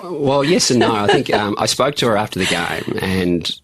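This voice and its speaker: An Australian man working as a mindset coach, telling animated stories in an interview with frequent ums and laughs. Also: lowish voice, normal speed. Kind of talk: conversational interview storytelling.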